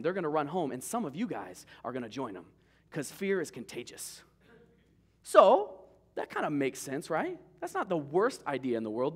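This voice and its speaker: Guy preaching, really lively up and down voice, jokey and chatty. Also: fairly high pitch, breathy edge. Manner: casual, joking storyteller. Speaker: pastor. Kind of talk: sermon.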